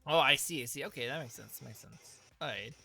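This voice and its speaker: A man's voice: medium pitch, a little fast, creaky, sharp tone, husky, soft background music. A man hosting a casual stream interview, playful and teasing, often repeating his own phrases.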